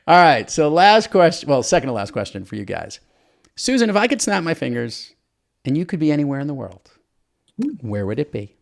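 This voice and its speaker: A man hosting a podcast interview, upbeat and jokey, firing off quick questions. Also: a little high, big pitch swings, gravelly. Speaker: podcast host. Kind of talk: casual interview.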